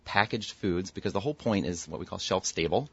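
A man's voice: low voice, fairly quick, creaky, a bit bright, slightly rough, no room sound, muffled recording. A man being interviewed as a guest, speaking affably with frequent fillers. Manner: affable, hesitant with many fillers. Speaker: guest, doctor and company co-founder. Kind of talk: casual interview.

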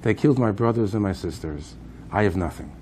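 A grieving seventeen-year-old girl tells what she has lost, voiced by a male storyteller. The delivery is plain and low, with a dark tone. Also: animated, brisk, slight background noise, close to an everyday voice. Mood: bereft. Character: bereaved starving girl of seventeen.

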